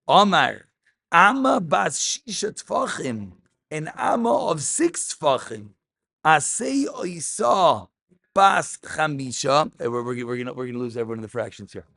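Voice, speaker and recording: A man teaching a Talmud class, animated, mixing English with Aramaic terms and raising his voice for emphasis. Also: on the high side, a little slow, creaky, dry recording.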